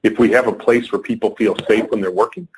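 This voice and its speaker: A man's voice: lowish voice, quick pace, breathy edge, poor audio. A middle-aged man, a company leader as podcast guest, telling a workplace story and acting out the people in it. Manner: animated storyteller, acts out quoted people.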